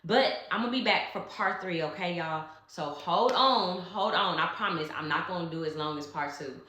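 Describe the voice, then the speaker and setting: A woman recounts a personal story for her vlog, speaking in a fairly low voice with a bright, tense edge. She is emotional and chatty and addresses her viewers directly. Her voice rings in an echoey room. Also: moderate pace, a little hiss or hum. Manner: emotional, conversational, talks straight to viewers. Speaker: vlogger.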